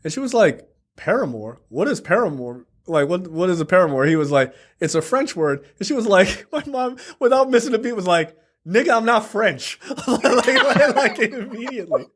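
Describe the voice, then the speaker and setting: Relaxed man with a slightly high voice. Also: normal speed, few pauses, breathy edge. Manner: laid-back, profane, laughs often. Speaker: podcast co-host. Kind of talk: casual chat.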